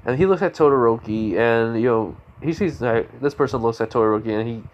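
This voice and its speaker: A man improvising a fan story as narrator, rambling and halting with many restarts. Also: mid-range voice, highs cut off.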